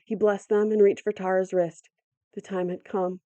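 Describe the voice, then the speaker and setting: A woman narrating an audiobook in a measured, dramatic storytelling manner. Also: mid-range voice, little pitch movement, dark tone, no echo, dull audio. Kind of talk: audiobook reading.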